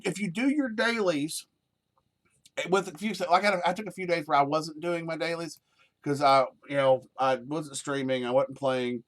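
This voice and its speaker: A man's voice: fairly high pitch, fairly bright tone. A man chatting casually and profanely while streaming a game. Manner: rambling, profane, easygoing. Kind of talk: casual live-stream chat.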